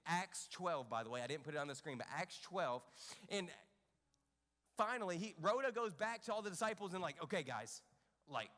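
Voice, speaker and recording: A man with a high-pitched voice, speaking a little fast, leads a children's church lesson from a kids' room stage that sounds like a large hall. He animatedly acts out a Bible story and quizzes the kids along the way.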